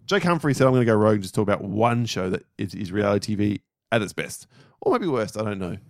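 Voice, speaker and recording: A man co-hosting a podcast, reading out listener lists in casual, animated chat with frequent swearing and laughter. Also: lowish voice, fast talker, no room sound, clean studio sound. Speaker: podcast co-host.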